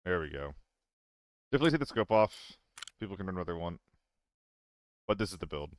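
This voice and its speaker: A man's voice: low voice, big pitch swings, brisk, no echo. A young man streaming a game, chatting casually with viewers, self-deprecating and swearing freely. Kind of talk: casual live-stream chat.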